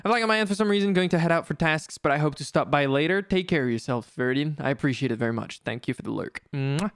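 Young man, raised pitch, dry close sound. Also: smooth, no room sound. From France. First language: French. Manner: animated, self-mocking and quick to swear. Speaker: streamer. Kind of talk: casual livestream chat while gaming.

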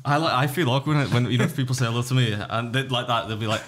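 A man's voice: mid-range voice, steady tone, racing, fairly bright tone. A man co-hosting a podcast, joking and self-deprecating in casual chat.

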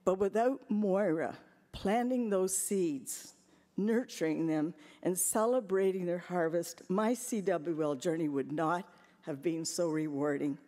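A woman's voice: fairly low pitch, measured pace, dark tone. A woman giving an earnest, emotional personal testimony at a convention. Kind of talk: heartfelt personal story. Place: large convention hall. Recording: long hall reverb.

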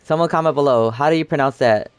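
A man's voice: on the high side, fast talker, clean tone, no room sound. A young man giving casual, rambling commentary over his gameplay, full of fillers and restarts, talking close to the mic. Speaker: gaming YouTuber.

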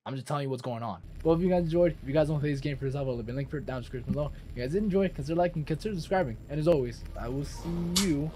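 A young man giving let's play commentary on a horror game, excitable and cursing loudly when startled. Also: fairly high pitch, rapid-fire, hardly any pauses, soft background music. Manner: excitable, swears and yells when scared. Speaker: gaming video creator.

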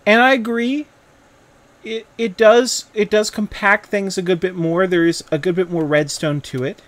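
High-voiced man teasing a rival gamer. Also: fairly even intonation, normal speed, fairly bright tone. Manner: mock-pompous teasing banter. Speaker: gaming video creator. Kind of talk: playful challenge to a rival channel.

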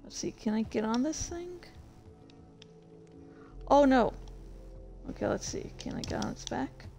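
A woman's voice: a little high, expressive, creaky, warm tone, soft background music. A woman hosting her own gameplay video, chatting casually and poking fun at herself as she plays. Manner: chatty, self-deprecating, slow and halting. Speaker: gaming channel host.

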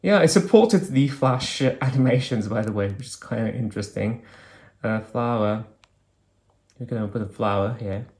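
A man's voice: on the low side, normal speed, a little mellow. Man chatting through a casual gadget demo. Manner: thinks aloud, chatty, with hesitant fillers. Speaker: phone reviewer. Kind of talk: casual hands-on product demo.

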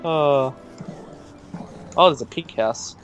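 Excitable young man, slightly high voice. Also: slow pace, lo-fi sound, faint music behind. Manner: excitable and chatty, laughs often. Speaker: let's play co-host. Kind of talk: casual gaming chat.

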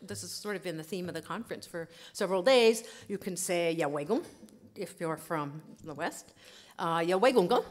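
A woman linguist giving a lively conference talk, often checking in with her audience. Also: medium pitch. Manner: lively, animated teaching with many "okay?" check-ins. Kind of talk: lecture at a language conference. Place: conference hall.

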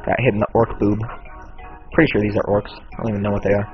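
A man giving excitable, trash-talking commentary while playing a video game, squealing high when his side gets hit. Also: fast talker. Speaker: let's play gamer. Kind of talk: casual gameplay commentary. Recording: dull lo-fi with faint game music.

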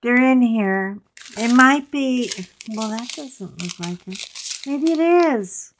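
A woman's voice: on the high side, takes it slowly, fairly bright tone, a little hiss or hum, rough recording. A middle-aged woman with a stuffy, sinus-laden voice, chatting casually and self-deprecatingly to viewers while unboxing craft supplies. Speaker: craft video host.

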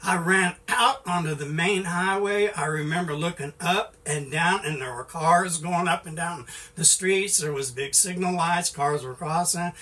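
A man's voice: on the high side, measured pace, few pauses, bright, forceful tone, recorded from a distance. A middle-aged man giving an informal sermon in a folksy way, with many "you know"s and restarts. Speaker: preacher.

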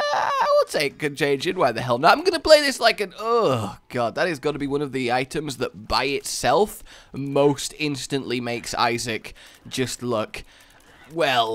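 A man's voice: on the high side, big pitch swings, normal speed, a bit bright, no echo. A man giving comedic gameplay commentary, goofy and rambling, with silly sing-song bits. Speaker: gaming YouTuber.

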